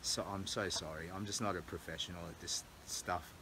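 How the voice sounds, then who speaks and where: Low-voiced Australian man on a livestream. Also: fairly even intonation, a little fast, background noise. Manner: candid, rambling, earnest. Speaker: charity walker livestreaming. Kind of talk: casual livestream vlog. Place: small cabin indoors. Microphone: earbud mic, then phone mic.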